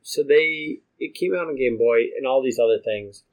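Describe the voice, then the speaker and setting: A man's voice: mid-range voice, normal speed, lo-fi sound. A man co-hosting a casual video game podcast, joking and exasperated, laughing often. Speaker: podcast co-host. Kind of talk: casual game review chat.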